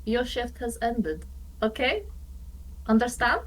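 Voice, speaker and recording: A woman's voice: on the high side, animated, slow pace, recorded from a distance, rough recording. A woman voicing a stern female rogue adventurer who gives firm orders. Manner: firm, commanding.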